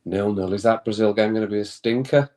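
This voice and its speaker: Chatty man, low voice. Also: fairly quick, warm tone. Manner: chatty, reads chat comments aloud, laughs often, reacts to play. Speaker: live stream host. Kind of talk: casual watch-along chat.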